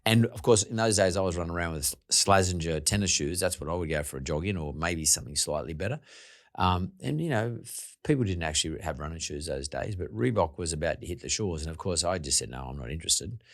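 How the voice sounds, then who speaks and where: Deep-voiced chatty male podcast host. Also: lively intonation, fast talker. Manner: chatty, laughing, swears casually. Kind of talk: casual interview.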